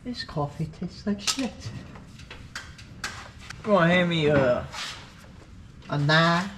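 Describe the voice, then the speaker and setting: A man's voice: fairly high pitch, slow pace. A man helping out as a neighbor in a repair shop, crude and wisecracking. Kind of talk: casual banter. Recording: noisy shop recording.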